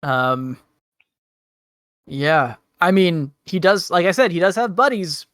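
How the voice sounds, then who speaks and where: A man's voice: high-pitched, lively intonation, takes it slowly, fairly bright tone, no room sound, studio quality. A man running a tabletop game as game master, easygoing and laughing often.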